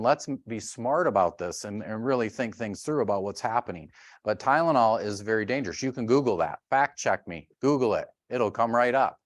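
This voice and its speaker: A middle-aged man giving a health workshop, telling animated stories and acting out sounds and voices. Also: fairly low pitch, no room sound, clean studio sound. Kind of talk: lively workshop talk.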